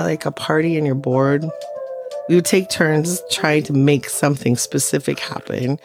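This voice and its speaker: Low creaky woman, chatty guest. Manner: chatty, many "like" fillers, animated storytelling. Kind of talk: casual conversation.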